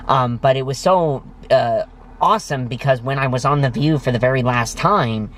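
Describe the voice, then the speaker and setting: A man's voice: mid-range voice, steady tone, fairly quick, slight background noise. A man hosting his own vlog, telling stories to the camera in an enthusiastic, effusive way. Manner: enthusiastic, effusive, heavy on praise words. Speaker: vlog host. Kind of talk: casual storytelling to camera.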